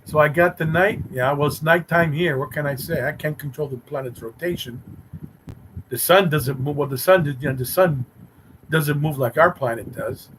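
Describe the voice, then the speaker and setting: A man's voice: on the high side, moderate pace, a bit bright, a little hiss or hum, poor audio. A man hosting a live stream, chatting with viewers in a teasing, mock-romantic way. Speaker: livestream host reading chat. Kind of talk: rambling playful live chat.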